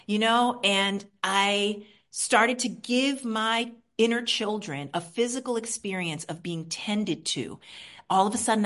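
At a support meeting, a Queens, New York woman with a slightly high voice opens up about her personal recovery. Her telling is animated and candid, swinging from gentle to spirited.

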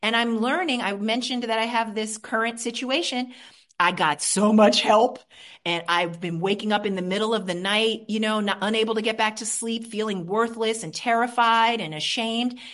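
Her voice fairly high and her pace moderate, a woman from Queens, New York, tells her recovery story frankly at a support meeting. She shifts animatedly between softness and liveliness.

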